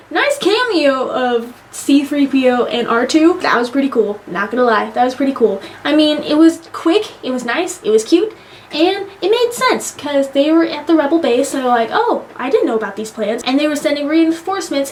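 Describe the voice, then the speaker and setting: High-voiced, excitable young woman reviewer. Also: moderate pace, a little hiss or hum. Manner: excitable, gushing, swears freely. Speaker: movie reviewer. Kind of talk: casual vlog review.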